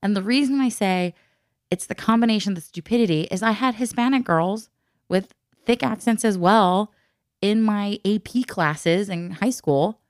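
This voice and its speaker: A middle-aged woman talks in a loose, chatty way, exasperated and quick to laugh. Her voice sits at an ordinary pitch and is recorded dry and close, with no room around it. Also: no room sound. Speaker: podcast co-host. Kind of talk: casual chat.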